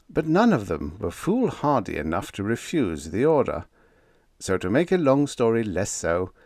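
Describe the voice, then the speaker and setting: A man's voice: lowish voice, no echo, clean studio sound. A man reading a humorous vintage sci-fi story aloud in scripted narration, wry and playful. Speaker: audiobook reader.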